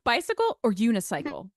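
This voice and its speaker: A bubbly woman hosts a casual livestream, and her pitch swings up and down as she talks. She laughs often between questions. Her voice is close and dry, with no room sound. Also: no echo. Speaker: stream host.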